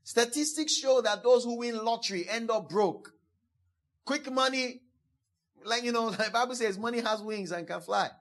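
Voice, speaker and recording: A man's voice: high-pitched, animated, moderate pace, fairly bright tone. A man preaching a sermon as pastor, emphatic, repeating key phrases again and again, and acting out quoted speakers. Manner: acts out quoted speakers in a playful voice.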